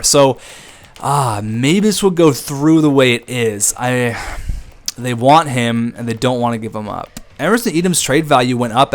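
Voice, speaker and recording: A young man giving casual, excitable commentary on a hockey video game, chatting to his viewers. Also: medium pitch, clear, resonant tone. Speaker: gaming YouTuber. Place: home room at a desk with a squeaky chair.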